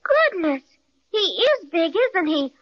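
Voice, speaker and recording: A woman voicing a sweet, curious young girl in a 1930s radio drama, speaking in a wide-eyed, gentle, old-fashioned way. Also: very high voice, very animated, slow pace, dry recording, exaggerated voice. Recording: dull, dry old radio transcription.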